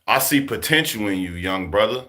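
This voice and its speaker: A man voicing a big, calm older male inmate with a lower, steady delivery. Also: brisk.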